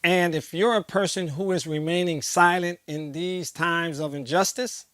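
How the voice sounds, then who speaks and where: A man's voice: fairly high pitch, steady tone, normal speed, a bit bright, dry recording, studio quality. A man hosting his own show, speaking straight to the viewer in an impassioned monologue with emphatic, preacher-like repetition. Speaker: host.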